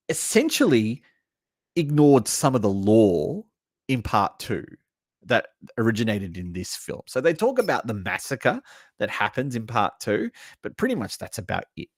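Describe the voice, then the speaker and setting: A man's voice: medium pitch, no echo, studio quality. A man hosting a live stream, reacting bluntly and with lots of swearing to a list of horror movies. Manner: animated, blunt and sweary, reads chat comments aloud. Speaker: livestream host reviewing horror movies. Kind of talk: casual live reaction chat.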